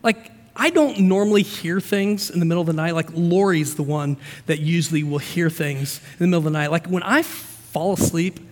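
A man preaching a sermon as pastor, energetic and conversational, with asides and frequent restarts. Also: on the high side, normal speed, few pauses. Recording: long hall reverb.

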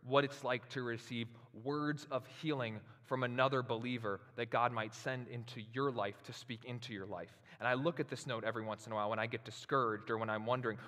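Man preaching in a reverberant hall. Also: mid-range voice. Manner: builds to loud, slow emphatic preaching. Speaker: pastor. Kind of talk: sermon.

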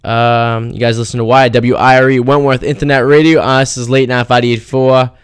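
A man's voice: mid-range voice, flat delivery, fairly quick, clean tone, no echo. A young man hosting a college radio show from a campus studio, joking and rambling between clips. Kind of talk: casual radio chat. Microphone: studio mic.

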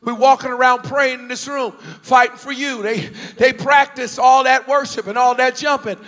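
A man from the US Northeast preaching a storytelling sermon to a big congregation, animated, with repeated questions and bursts of shouting. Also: extremely high pitch, normal speed. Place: large church hall with thousands present. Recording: large hall reverb.

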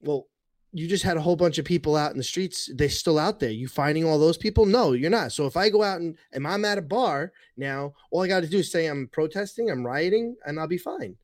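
A man's voice: a little high, lively intonation, a little fast, no echo. A man from New York in casual chat, ranting heatedly and swearing now and then.

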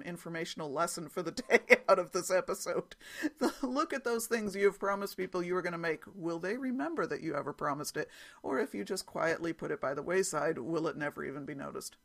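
A woman's voice: fairly low pitch, a bit bright. A middle-aged woman hosting a casual solo podcast, chatting and telling stories with frequent laughs and fillers. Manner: chatty storyteller, laughs often, many fillers. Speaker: podcast host.

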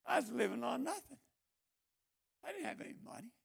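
Very gravelly, husky older preacher man. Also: very high-pitched, brisk. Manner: animated, swings from quiet asides to loud bursts. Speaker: missionary preacher. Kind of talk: storytelling sermon.

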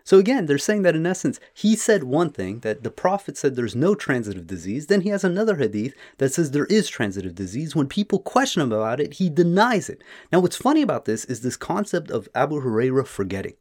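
Animated man giving casual commentary. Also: on the high side, a little fast, few pauses. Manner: paraphrases texts with animated retellings and frequent fillers. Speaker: religious commentator.

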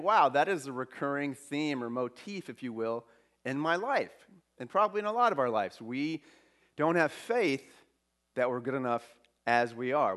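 A man's voice: mid-range voice, a bit bright. Self-deprecating man giving a church talk. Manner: conversational, self-deprecating, humorous. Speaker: speaker at a church service. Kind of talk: spiritual talk.

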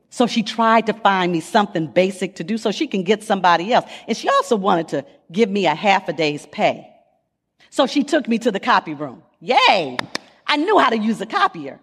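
A woman in her fifties, a guest speaker at church, telling an animated personal testimony with dramatic pauses. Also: mid-range voice, husky, long reverb tail. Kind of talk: sermon testimony. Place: church sanctuary.

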